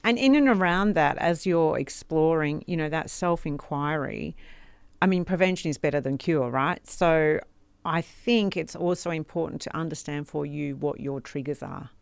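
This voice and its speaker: This Australian woman hosts a relaxed podcast chat with a low, gravelly voice. She talks in an easy, chatty way and laughs readily. The sound is dry and close to the mic. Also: moderate pace, no echo. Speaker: podcast host. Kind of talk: casual podcast conversation.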